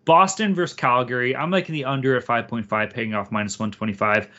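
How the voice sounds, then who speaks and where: A man's voice: medium pitch, quick pace, sharp tone, lo-fi sound. A man co-hosting a sports betting podcast, casual, profane and hyped as he talks. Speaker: podcast co-host.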